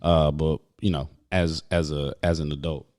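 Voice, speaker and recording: A man's voice: rumbling low, little pitch movement, moderate pace, a little mellow. A young man co-hosting a podcast, chatting casually and laughing often. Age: young adult. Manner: laid-back, laughs often, profane. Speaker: podcast co-host. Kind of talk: casual chat.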